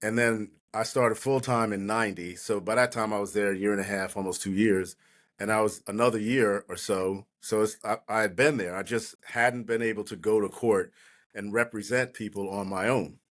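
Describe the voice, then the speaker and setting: A man's voice: on the low side, moderate pace. Storytelling man in his sixties. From New Jersey, USA. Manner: animated anecdotes, acting out quoted voices, laughing. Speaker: trial lawyer, guest. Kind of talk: casual storytelling interview.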